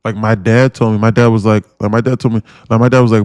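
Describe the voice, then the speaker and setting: A man's voice: on the low side, little pitch movement, fast, hardly any pauses, a little mellow, clear, resonant tone, no room sound. A man hosting a day-trading livestream in casual chat, rambling and slangy, firing off blunt rhetorical questions and repeating himself.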